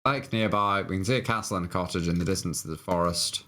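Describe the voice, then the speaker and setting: Man in a casual game stream, lower voice, reads on-screen text, hesitant fillers. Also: fast talker, bright, forceful tone. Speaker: game player on a live stream.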